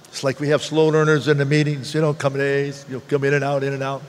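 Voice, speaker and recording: A man's voice: medium pitch, completely flat delivery, fast talker, big-room sound, slight background noise. An older man giving a heartfelt personal testimony at a recovery meeting, repeating phrases for emphasis.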